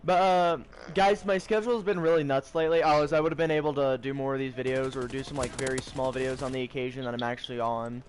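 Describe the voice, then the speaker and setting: A teenage boy chatting casually to his vlog audience, tired and rambling, with excitable bursts. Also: medium pitch, quick pace, few pauses, a little hiss or hum. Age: teens. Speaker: high school student vlogger.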